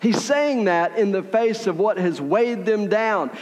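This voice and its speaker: High-voiced preacher in a reverberant hall. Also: male voice, measured pace, darkish tone. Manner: conversational preaching, frequent "right?" asides. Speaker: pastor. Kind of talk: sermon.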